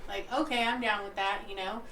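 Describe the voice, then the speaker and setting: A woman on a podcast as a guest cook, talking in a giggly, animated way. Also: medium pitch, a little fast, slight background noise. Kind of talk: casual podcast chat. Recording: echoey, from far off the mic.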